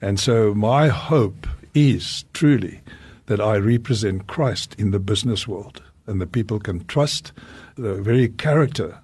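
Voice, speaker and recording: A man's voice: on the low side, measured pace, darkish tone, slightly rough, no echo. A man who is a Christian businessman and guest, sharing his faith in a reflective manner and asking rhetorical questions. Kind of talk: earnest personal testimony.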